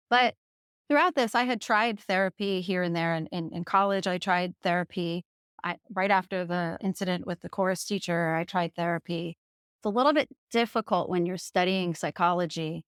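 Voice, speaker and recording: A woman in her thirties from the Jersey Shore, a podcast guest candidly telling her own story with lively laughter. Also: fairly low pitch, clean tone, dry recording, studio quality. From Jersey Shore, USA.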